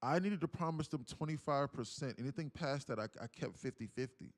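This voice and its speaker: A man hosting a live trading stream, talking casually in a lively, slangy and profane way with many restarts. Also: mid-range voice, fairly quick.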